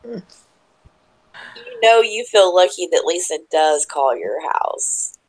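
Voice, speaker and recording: A woman's voice: on the low side, expressive, slow pace, darkish tone, low-quality recording. A woman chatting casually on a live stream. She teases the host and laughs easily.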